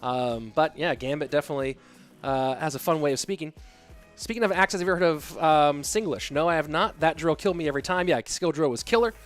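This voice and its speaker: A man hosting an esports stream, casting games in quick play-by-play and joking with the chat. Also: on the high side, faint music behind. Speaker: esports caster and stream host. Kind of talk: live game commentary and chat reading.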